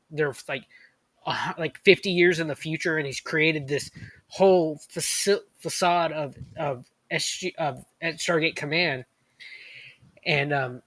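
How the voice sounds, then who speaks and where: A man co-hosting a casual podcast chat, rambling excitedly and pausing to search for names. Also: fairly high pitch, dry recording. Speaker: podcast co-host.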